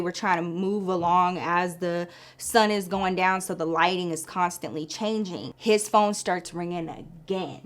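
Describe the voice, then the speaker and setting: A woman in her thirties telling a story to her viewers in a casual, animated way, swearing freely. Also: medium pitch, moderate pace, few pauses. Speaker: vlogger.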